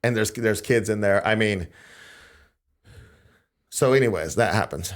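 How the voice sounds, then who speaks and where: A man hosting a podcast, telling events in a casual, animated way and acting out quotes in a raised voice. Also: on the low side, measured pace. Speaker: podcast host. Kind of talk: casual conversational storytelling.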